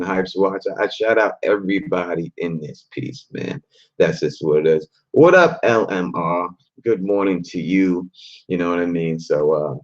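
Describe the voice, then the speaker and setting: A man hosting a casual livestream, his voice a little rough after a late night, giving laid-back shout-outs to his chat in street slang. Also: sits low, dull audio. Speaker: channel host. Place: hotel room at a fan convention. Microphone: phone or laptop camera.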